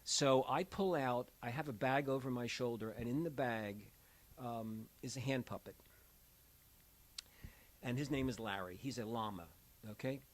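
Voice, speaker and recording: A man's voice: medium pitch, normal speed, low-quality recording. An older man who works as an end-of-life doula, telling personal stories in a conversational way and acting out the voices of the people he quotes. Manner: animated storyteller, acts out quoted voices. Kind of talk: conversational storytelling. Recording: faint hiss.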